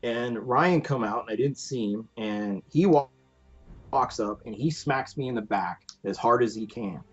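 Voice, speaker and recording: Husky-voiced man telling stories animatedly. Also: medium pitch, measured pace, dull audio. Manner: animated, acts out quoted voices, laughs often. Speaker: guest, prop and costume maker. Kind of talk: casual storytelling in a podcast interview.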